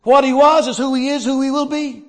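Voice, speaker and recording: Male preacher, very high voice, dynamic delivery, quiet to shouting, rhetorical questions. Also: fairly even intonation, brisk. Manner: asks and answers his own questions. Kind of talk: sermon.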